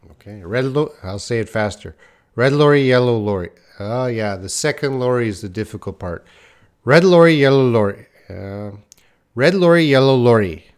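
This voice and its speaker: A man's voice: mid-range voice, animated, moderate pace. A man giving a casual live-stream lesson, chatting to viewers by name and laughing at his own slips. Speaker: English teacher.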